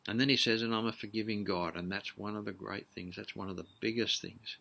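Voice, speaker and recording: A man's voice: fairly low pitch, fairly even intonation, fairly quick, gravelly, bright, forceful tone. A middle-aged man preaching a sermon in an earnest, conversational way, often restarting his sentences. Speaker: pastor.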